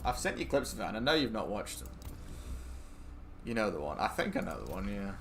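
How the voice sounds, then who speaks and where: A man, a game streamer chatting casually and rambling excitably, swearing freely as he talks to friends while he plays. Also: fairly low pitch, quick pace, a little hiss or hum. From England. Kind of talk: casual chat while gaming.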